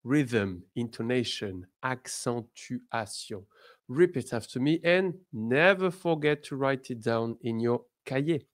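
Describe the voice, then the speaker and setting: A man teaching a beginner language lesson, leading repeat-after-me drills and praising often. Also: medium pitch. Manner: slow, expressive, encouraging drills. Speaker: French teacher.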